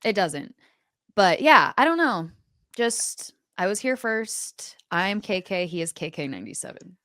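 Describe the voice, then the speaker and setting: A woman's voice: mid-range voice, very animated, measured pace, pushed and bright, no room sound, studio quality. A woman co-hosting a hockey podcast in a laid-back, casual way, with lots of "like" fillers. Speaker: podcast co-host and in-arena host.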